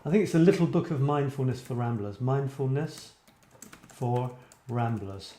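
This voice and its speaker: A man's voice: medium pitch, moderate pace, warm tone, echoey room. A middle-aged man from Scotland hosting a creative writing show, chatting casually and rambling as he answers viewers. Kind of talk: casual live-stream chat.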